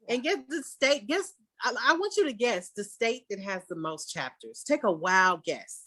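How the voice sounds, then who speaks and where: A woman artist hosting a casual conversation, talking candidly and emphatically and often breaking into animated quoted outbursts. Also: medium pitch, moderate pace, dry recording. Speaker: artist and podcast host.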